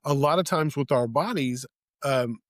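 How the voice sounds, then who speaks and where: A man co-hosting a podcast, talking in an animated, joking way. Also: medium pitch, normal speed, no echo, clean studio sound. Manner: animated, joking, does mocking voices. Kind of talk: casual chat.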